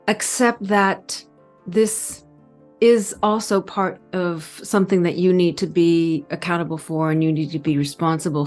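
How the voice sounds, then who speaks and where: A middle-aged woman giving a calm, earnest spiritual talk, pausing and stretching words. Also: fairly low pitch. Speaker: spiritual channel host. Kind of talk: reflective spiritual talk to camera.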